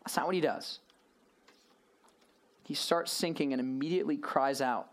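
Animated male preacher. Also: fairly high pitch, normal speed. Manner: animated, swings between hushed and raised; rhetorical questions to listeners. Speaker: pastor. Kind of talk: sermon. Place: church or youth gathering room.

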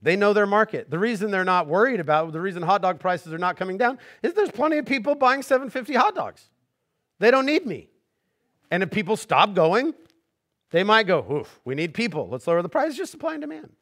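A middle-aged pastor delivers a conversational sermon in a high, fairly quick voice. He jokes around and swings between hushed, earnest points and animated asides.

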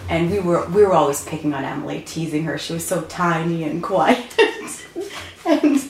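A woman's voice: sits low, lively intonation, normal speed, gravelly. A woman from Canada fondly recalling her grandfather, often breaking into laughter. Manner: fond, laughing reminiscence. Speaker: granddaughter sharing memories. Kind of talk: reminiscing chat. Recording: roomy with faint noise.

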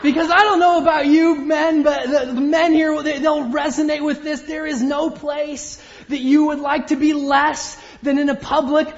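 A man's voice: very high voice, little pitch movement, normal speed. A man in his thirties preaching a sermon, telling a story with self-deprecating humor. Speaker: pastor. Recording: dull audio with long hall reverb.

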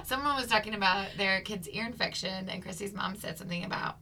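A woman's voice: mid-range voice, fast talker, bright, forceful tone, far from the mic, slight background noise. A woman co-hosting a podcast for school leaders, teasing her partner and laughing often. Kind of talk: casual podcast banter.

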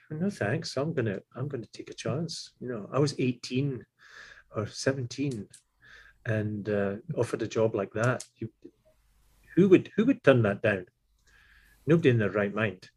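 A man in his sixties, a tuba player and teacher, telling stories in a relaxed, animated way and acting out the voices he quotes. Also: medium pitch, husky. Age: 60s. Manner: animated, acts out quoted voices, chuckles often. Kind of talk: relaxed anecdotal storytelling.

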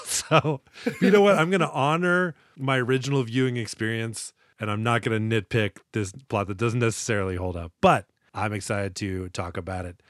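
A man chatting on a comedy podcast, cracking self-mocking jokes and swearing casually. His voice sits at an ordinary pitch. The sound is dry and close to the mic. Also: a little fast, no echo. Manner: jokey, self-deprecating, swears freely. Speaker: podcast co-host.

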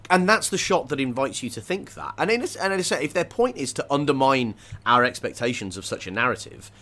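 A man in casual discussion, thinking aloud with many pauses, fillers and restarts. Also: medium pitch, animated, bright, forceful tone.

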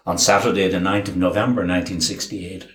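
A man with a low, deep voice delivers scripted documentary narration. He reads names and dates in a measured, even way. The recording carries a noticeable roomy echo.

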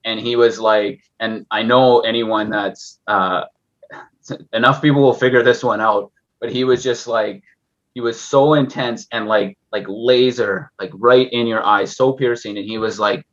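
A man's voice: mid-range voice, measured pace, lo-fi sound. A man talking as a guest on a casual investing podcast, rambling and restarting with many fillers.

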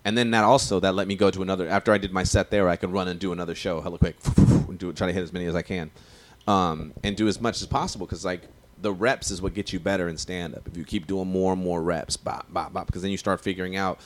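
Give me a man, a stand-up comedian chatting on a podcast. His voice sits very low and deep. He talks in slang, swears freely and rambles from one story to the next. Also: fairly even intonation, quick pace, a little hiss or hum. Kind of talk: casual podcast chat.

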